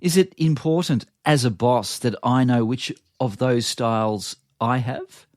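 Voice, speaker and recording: A man acting as interviewer, asking a question in a plain, even way. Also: medium pitch, unhurried.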